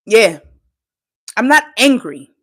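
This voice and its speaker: High-voiced tearful woman ranting. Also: very animated, takes it slowly, a bit bright, husky. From Trinidad. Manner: profane, impassioned, insistent. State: fighting back tears. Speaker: livestreamer. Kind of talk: emotional live-stream rant.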